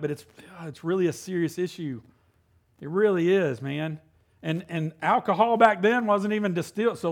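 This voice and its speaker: A man in his thirties preaching a casual sermon. He peppers his talk with "man" and "right?" and slows down to read scripture. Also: a little high, creaky. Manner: reads scripture slowly and deliberately. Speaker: pastor.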